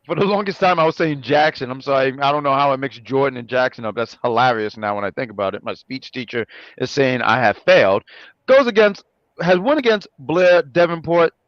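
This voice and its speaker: A man co-hosting a casual review chat, animated and joking, often correcting himself. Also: mid-range voice, a little fast, no echo, muffled recording. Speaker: co-host.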